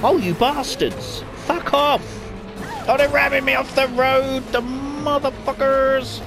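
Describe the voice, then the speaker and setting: A man's voice: very high-pitched, slow pace, gravelly. A man giving frantic let's play commentary, swearing a lot and apologizing over and over. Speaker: gamer. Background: game music and car noise.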